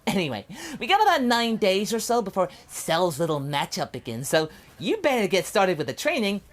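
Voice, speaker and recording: Brash female scientist, played by a man. High, chirpy, mocking, lively swings. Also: normal speed. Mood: teasing. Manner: chirpy and teasing, high-pitched. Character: brash, cheerful scientist wife, woman.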